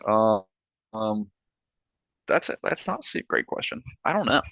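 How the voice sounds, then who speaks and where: A man's voice: on the low side, very animated, a little slow, creaky, fairly bright tone, dry recording. A young man guesting on a podcast, chatting in a laid-back, hesitant way. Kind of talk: casual chat.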